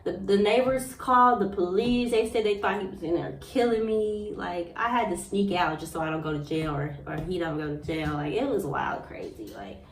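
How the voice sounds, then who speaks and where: A young woman vlogger telling a personal story in a blunt, profane, animated way. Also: on the low side, moderate pace, few pauses, distant mic. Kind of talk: candid storytime monologue. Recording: roomy echo, a bit off-mic.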